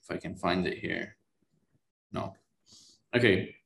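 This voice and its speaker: A man teaching Quran reading one-on-one, patiently correcting pronunciation and slowly modeling each sound. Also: deep voice, creaky, a bit bright, reverberant.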